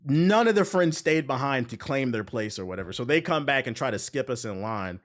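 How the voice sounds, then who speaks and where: A man's voice: mid-range voice, lively intonation, fairly quick. A man streaming a game while telling a long story in casual, slangy, profane speech. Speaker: gaming streamer.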